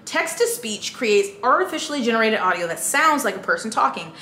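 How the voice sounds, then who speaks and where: A woman's voice: fairly high pitch, lively intonation, a little fast, bright, forceful tone. A woman book vlogger giving casual, emphatic commentary straight to her viewers while reading an article aloud. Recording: echoey room with faint noise.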